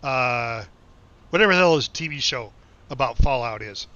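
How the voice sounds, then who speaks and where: A middle-aged game streamer from the United States reads chat and rambles through anecdotes in a casual live stream, swearing frequently and laughing on the side. His mid-range voice is expressive and sharp-toned at a normal speed, heard through a dull, dry lo-fi stream mic.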